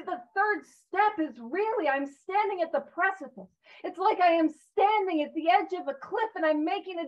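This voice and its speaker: A woman's voice: high-pitched, distant mic, muffled recording. Earnest woman speaking to a recovery group. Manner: earnest, conversational, self-deprecating with asides. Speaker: recovery speaker leading a big book study. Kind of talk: informal talk to a recovery group.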